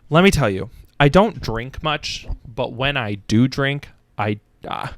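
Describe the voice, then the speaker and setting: Smooth-voiced man rambling through a review. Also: medium pitch, a bit bright, no echo, clean studio sound. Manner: rambling, profane, self-mocking, quick asides. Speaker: podcast host. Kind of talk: casual comedic book review.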